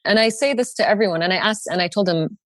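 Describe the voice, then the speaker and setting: A woman's voice: medium pitch, no room sound. Woman guest, impassioned storyteller, sarcastic edge, dry close sound. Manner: fast, forceful, sarcastic. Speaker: podcast guest.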